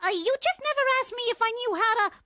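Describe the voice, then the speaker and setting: A woman voicing a cheeky, excitable young boy fox in a stage show, with shrill, bouncy exclamations. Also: quick pace, no echo, studio quality, heavily acted. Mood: sheepish. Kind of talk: live stage show voice acting.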